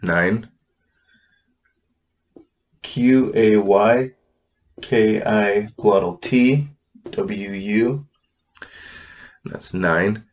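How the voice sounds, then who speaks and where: A man with a very deep voice leads a language lesson at an unhurried pace. He spells out each word and repeats it patiently for his learners. The recording sounds slightly muffled and lo-fi. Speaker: language teacher. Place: classroom with a board. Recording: dull lo-fi sound.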